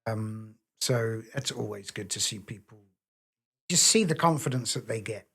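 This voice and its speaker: A man's voice: lowish voice, lively intonation, normal speed, gravelly, fairly bright tone, breathy edge. Plain-spoken man with lots of ums. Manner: plain and reassuring, many ums. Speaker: podcast guest, trainer. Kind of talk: casual podcast conversation.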